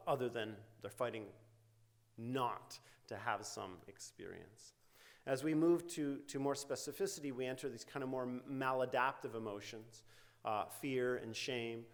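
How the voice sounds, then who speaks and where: A middle-aged man giving an academic lecture in a university hall, talking loosely with fillers and "right?" tag questions. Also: medium pitch. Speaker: invited lecturer, psychology researcher. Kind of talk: academic lecture with quoted therapy examples.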